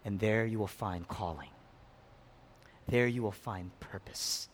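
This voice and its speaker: A pastor preaching a sermon, impassioned, swinging between hushed and loud delivery. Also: male voice, fairly low pitch, normal speed, slight background noise. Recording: long reverb of a large hall.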